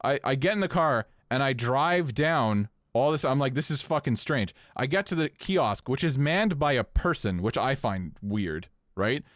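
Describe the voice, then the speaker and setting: A man co-hosting a podcast, telling a story in casual chat, animated and swearing freely. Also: moderate pace, few pauses, no echo, studio quality. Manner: animated, swings pitch up when incredulous, swears casually. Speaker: podcast co-host.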